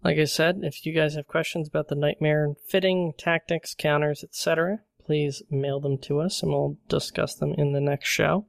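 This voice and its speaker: A man's voice: a little high, steady tone, normal speed, vocal fry, few pauses, no echo, studio quality. A man hosting a casual gaming podcast, steering the show and reading lore passages aloud with some drama. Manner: reads lore descriptions aloud with a dramatic flourish. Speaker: podcast host.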